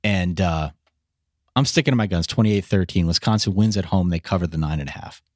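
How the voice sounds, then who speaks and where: A man's voice: low-pitched, fairly quick, no echo, clean studio sound. A man co-hosting a casual sports podcast, leading the segments and making picks. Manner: animated, leads the segments. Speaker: podcast co-host.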